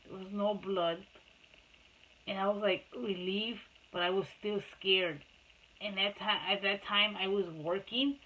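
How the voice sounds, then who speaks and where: A woman's voice: mid-range voice, steady tone, a little slow, sharp tone, poor audio. Rambling woman telling a personal story. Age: adult mother. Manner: rambling, repeats herself, many restarts and fillers. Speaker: vlogger telling her life story. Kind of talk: casual storytelling to camera.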